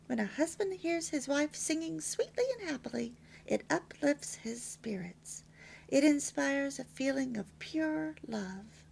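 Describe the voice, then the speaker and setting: A woman's voice: sits high, big pitch swings, a little slow, gravelly, darkish tone. A woman reading a homemaking lesson aloud as a story, lilting and emphatic with near-whispered asides. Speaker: reader of a homemaking course.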